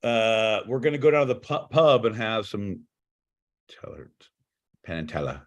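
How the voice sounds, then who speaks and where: A man with a fairly low voice, speaking at normal speed, co-hosts a podcast. He swears a lot and teases his partner in casual comedic banter, sounding profane, teasing, and animated.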